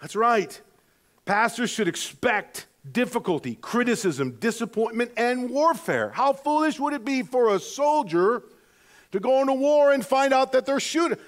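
A man pastor preaching a sermon in an earnest manner, moving between quiet stretches and emphatic ones, often restarting his phrases. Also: very high voice, animated, moderate pace.

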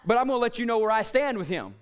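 A middle-aged man preaches with fervent energy, his voice sitting very high for a man. His tone is smooth and clear, and he swings from shouted emphasis to low, quiet appeals. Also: very animated, racing. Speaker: pastor. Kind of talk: sermon.

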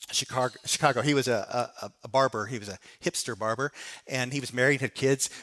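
A man preaching a sermon on a Bible passage, emphatic and swinging between raised and hushed delivery. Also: mid-range voice.

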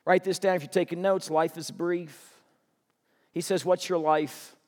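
A man preaching a sermon as pastor, earnest and emphatic, slowing down to stress key phrases. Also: high voice, steady tone, long reverb tail.

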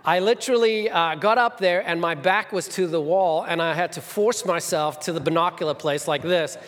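A middle-aged man preaching a sermon, telling personal stories in an animated way and acting out voices. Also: a little high, moderate pace. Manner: animated storyteller, acts out voices. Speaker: pastor. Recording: long reverb of a church hall.

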